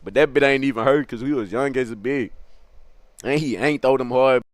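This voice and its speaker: A young man telling a comic story from his youth, animated, laughing often, with crude slang. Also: medium pitch, a little fast, dry recording.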